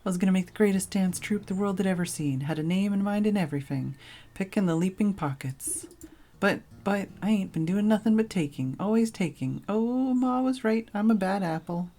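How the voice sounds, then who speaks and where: A woman's voice: medium pitch, lively intonation, fairly quick, mellow, pitched above the performer's own voice. A woman voicing a huge, weepy male bandit who sniffles and sobs in rustic, broken speech. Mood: sobbing.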